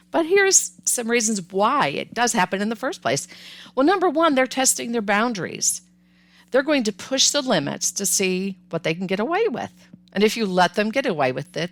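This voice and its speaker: A woman hosts her own parenting podcast and talks to listeners in a friendly, upbeat way. She is close on the mic and the room sounds dry and dead. She has a mid-pitched voice and sometimes slips into the voices of the parents and kids she describes. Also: fairly bright tone, dry recording. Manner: upbeat, conversational, acts out child and parent lines. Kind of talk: solo podcast advice talk.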